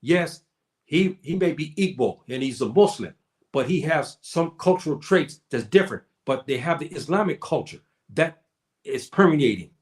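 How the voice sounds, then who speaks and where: A man's voice: fairly high pitch, animated, moderate pace. A man with an African American accent giving a spoken lecture to online viewers, preacherly and repeating his points. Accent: African American English. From United States. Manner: preacherly, repeats "brothers and sisters" and "okay".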